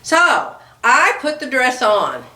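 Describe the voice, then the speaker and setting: A middle-aged woman with a high, bright voice, telling a sewing story to her viewers in a chatty, animated way and laughing often. Her pitch swings all over as she talks. The sound carries the echo of a room at home. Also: slow, recorded from a distance. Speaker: sewing vlogger. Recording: echoey room.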